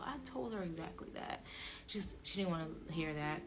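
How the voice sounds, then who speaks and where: A young woman vlogging a personal story in a casual, animated and blunt way, with swearing. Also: deep voice, moderate pace. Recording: music playing underneath.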